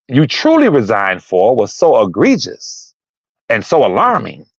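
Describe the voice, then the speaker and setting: A man's voice: medium pitch, vocal fry, no echo, lo-fi sound. A man calling into a live talk stream, arguing his point with heat, repeating himself and raising his voice. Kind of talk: heated casual debate.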